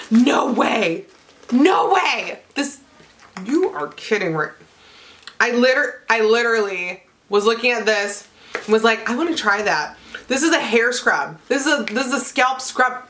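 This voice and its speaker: A young woman chatting excitedly as she unboxes beauty products for her channel, gushing and exclaiming with lots of fillers. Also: a little high, unhurried, slight background noise. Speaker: beauty vlogger.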